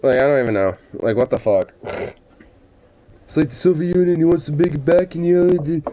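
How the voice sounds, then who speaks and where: A man's voice: on the high side, fairly quick, dark tone, poor audio. A young man reacting to a news clip, rambling and incredulous, with lots of cursing and stammered restarts. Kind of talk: casual reaction commentary.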